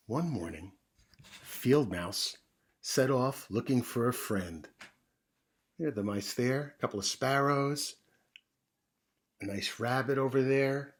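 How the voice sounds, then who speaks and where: A man with a slightly rough, mid-range voice reads a children's picture book aloud in a gentle storytime manner. He stops now and then to explain things to his young listeners.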